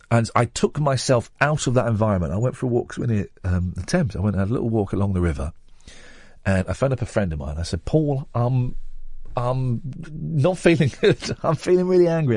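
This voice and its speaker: A man's voice: fairly low pitch, a little mellow, no room sound. A middle-aged man hosting a late-night radio phone-in, rambling and self-mocking as he chats with callers.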